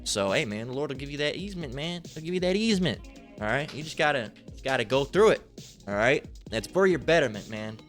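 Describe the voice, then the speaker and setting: A man's voice: medium pitch, lively intonation, fast, a bit bright, faint music behind. Rambling, cussing man giving a Bible talk. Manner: rambling, slangy, swears freely. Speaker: lay Bible teacher. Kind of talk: casual profane Bible lesson.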